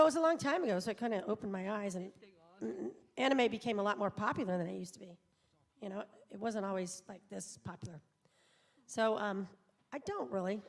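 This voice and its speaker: With a mid-range voice and some vocal fry, this middle-aged woman from the United States rambles and pokes fun at herself. She is a voice actor appearing on a live convention panel in an auditorium.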